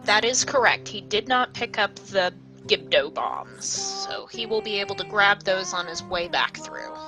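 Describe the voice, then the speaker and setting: A woman from the northwestern United States commentating a game race, giving steady, informative play-by-play. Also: mid-range voice, measured pace, music in the background, poor audio. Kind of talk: casual speedrun commentary.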